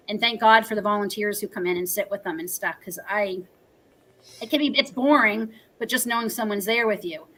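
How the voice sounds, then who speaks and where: Woman in her 40s on a livestream, bright kinda high voice, earnest and emotional, just talking through her story. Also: low-quality recording. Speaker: guest. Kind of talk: livestream chat, personal storytelling.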